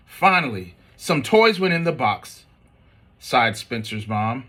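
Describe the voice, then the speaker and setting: A man's voice: medium pitch, slow pace. A man reading a children's storybook aloud and chatting with students about it. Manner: expressive, chatty.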